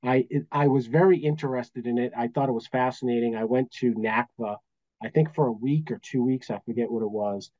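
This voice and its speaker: A man's voice: medium pitch, brisk, no room sound, lo-fi sound. Boston-accented man telling stories. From Massachusetts, US. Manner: anecdotal, acts out quoted dialogue. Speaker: guest, business valuation accountant. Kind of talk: casual interview storytelling.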